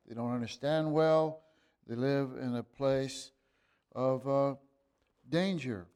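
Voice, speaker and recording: A man preaching a sermon, reading scripture aloud and explaining it in a halting way, with fillers and restarts, rising to emphatic bursts. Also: medium pitch, darkish tone, clear, resonant tone. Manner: reads scripture in old-fashioned wording.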